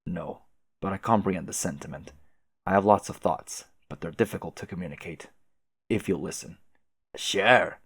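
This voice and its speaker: A man voicing a stiff, formal, muscular teenage boy troll aristocrat who speaks quietly and precisely. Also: deep voice, moderate pace, vocal fry, husky, no room sound, heavily acted.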